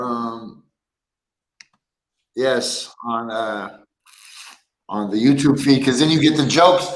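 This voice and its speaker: A man's voice: mid-range voice, slow pace, long pauses, a little hiss or hum. A man hosting a casual livestream from a sparse room at home, telling rambling stories and joking, laughing often. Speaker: livestream host. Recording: echoey room.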